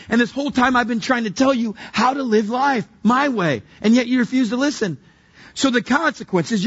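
Brief: male pastor doing God, exasperated and scolding, raised and higher than his own voice, husky, on a dull recording. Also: fairly bright tone, dry recording, full character voice. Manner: raised, emphatic, lecturing.

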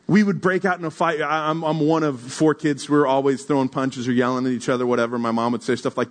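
A young man preaching in a relaxed, conversational way, with a voice of ordinary medium pitch. He slows right down to press a point, then rattles through quick asides to the congregation. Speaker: pastor. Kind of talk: sermon.

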